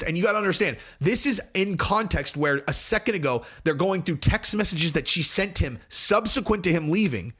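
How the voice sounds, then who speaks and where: A man's voice: high-pitched, lively intonation, normal speed, hardly any pauses, fairly bright tone. A man hosting casual commentary, talking in an emphatic, rambling way with frequent restarts. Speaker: host.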